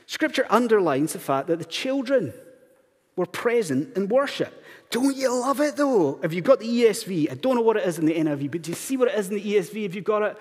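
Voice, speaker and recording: A man's voice: high voice, animated, fairly quick, breathy edge. A man preaching a sermon in a church, asking the congregation one earnest rhetorical question after another. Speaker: pastor. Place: church sanctuary. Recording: long hall reverb in church.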